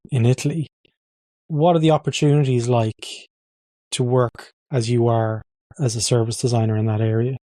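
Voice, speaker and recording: A man's voice: mid-range voice, mellow, dry recording. A man hosting a podcast interview, chatty and self-deprecating. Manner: chatty, self-deprecating, loves putting on accents. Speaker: podcast host. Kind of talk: casual interview chat.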